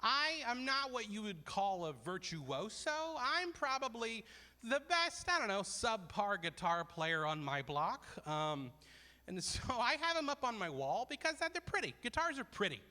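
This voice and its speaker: A man's voice: high-pitched, sing-song, a little slow, pushed and bright, big-room sound. A man in his forties doing self-deprecating stand-up comedy at a charity fundraiser, rambling through asides. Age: 40s.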